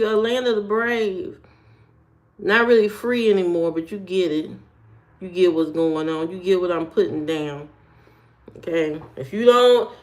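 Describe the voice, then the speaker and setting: American woman chatting on stream, sassy and joking, lots of ums, talks right at chat. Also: medium pitch. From United States. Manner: loose, slangy speech with frequent fillers. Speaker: live streamer answering chat. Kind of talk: casual chat.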